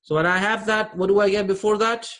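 A man's voice: high voice, fairly even intonation, fast talker, a bit bright. A man teaching an online Arabic grammar class, explaining patiently and often checking that students follow.

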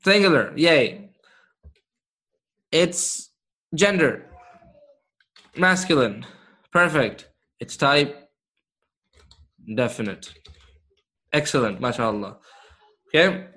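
Animated and sharp-toned, a man with a fairly high voice leads an interactive grammar class as an Arabic teacher from Canada. He takes it slowly, quizzing students encouragingly and praising their answers as he goes.

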